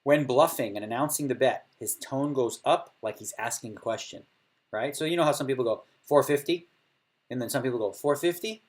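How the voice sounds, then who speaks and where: Husky, chatty man reading poker notes. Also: mid-range voice, fairly quick. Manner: chatty, laughs often, acts out table talk. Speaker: poker player streaming and answering chat. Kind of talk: casual chat.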